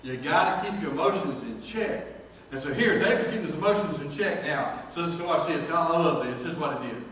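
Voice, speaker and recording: A middle-aged man, preaching a folksy sermon in a storytelling manner and reading scripture slowly. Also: fairly high pitch, fairly bright tone. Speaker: pastor. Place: large church sanctuary. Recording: very echoey church hall from far off.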